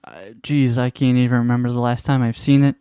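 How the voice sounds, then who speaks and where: A man's voice: mid-range voice, little pitch movement, fast, dark tone, clean tone, no room sound. A man co-hosting a casual podcast, easygoing and agreeable, with the odd joke. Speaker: podcast co-host. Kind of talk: casual chat.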